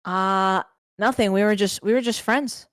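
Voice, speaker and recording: Young woman, streamer guest, casual hesitant answers, fillers, middle pitch, dry close sound. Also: no echo. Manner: hesitant, halting, with fillers and soft laughs.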